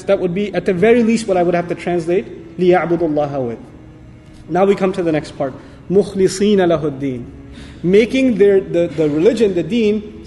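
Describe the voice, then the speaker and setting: A man delivers an earnest, emphatic religious lecture, often asking his listeners questions. His voice sits high for a man but sounds mellow and dark in tone. A long hall reverb trails each phrase. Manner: recites Quranic Arabic verses. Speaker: Islamic lecturer.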